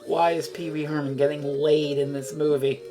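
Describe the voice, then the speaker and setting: A woman's voice: sits low, flat delivery, normal speed, music in the background. A woman streaming a video game, rambling and swearing freely as she chats. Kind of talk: casual chat while playing a video game.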